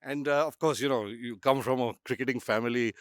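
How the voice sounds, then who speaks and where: Smooth-voiced older interviewer. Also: male voice, medium pitch, a little fast, fairly bright tone, no room sound, clean studio sound. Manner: reminiscing, leisurely questions with many fillers.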